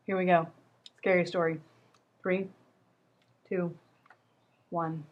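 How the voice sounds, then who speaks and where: A woman's voice: on the low side, little pitch movement, takes it slowly, dull audio. A woman hosting a casual book review video, chatty and rambling, poking fun at herself. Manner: chatty, rambling, self-deprecating. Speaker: book vlogger.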